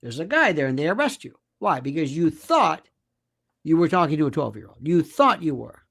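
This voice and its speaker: A man's voice: on the high side, big pitch swings, fairly quick, vocal fry, fairly bright tone. A man speaking as a guest commentator, arguing emphatically with rhetorical questions and acting out quoted voices. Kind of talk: animated conversational argument.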